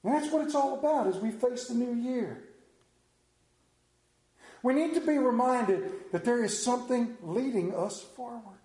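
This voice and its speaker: Man pastor, sermon, animated storyteller, higher voice, roomy church hall. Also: unhurried.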